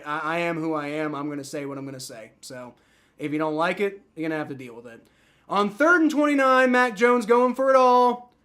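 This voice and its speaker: High, bright-voiced man ranting at refs. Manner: excitable, swearing, shouting in outrage at refs. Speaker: livestream football reaction host. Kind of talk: live sports reaction commentary.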